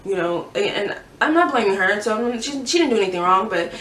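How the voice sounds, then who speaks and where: A young woman telling her own story in a halting, earnest way, restarting her sentences often. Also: mid-range voice, animated, fairly bright tone, a little hiss or hum. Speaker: vlogger sharing a personal story. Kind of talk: candid personal testimony. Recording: echoey room, mic at a distance.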